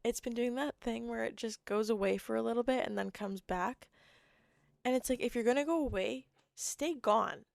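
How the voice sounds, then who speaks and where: A young woman hosting her own podcast, hoarse and rambling, jumping between thoughts and cutting herself off. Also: fairly high pitch, normal speed, a little mellow, no echo, clean studio sound. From Canada. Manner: rambling, jumpy, self-interrupting. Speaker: podcast host. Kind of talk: casual solo chat.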